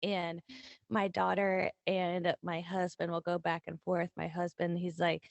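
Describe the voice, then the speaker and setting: A woman's voice: fairly low pitch, level tone, a little slow, gravelly, no room sound. A woman in her thirties with a somewhat Southern accent, co-hosting a podcast, swearing and laughing freely. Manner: swearing, laughing, acts out her kids' voices. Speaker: podcast co-host. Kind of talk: casual chat.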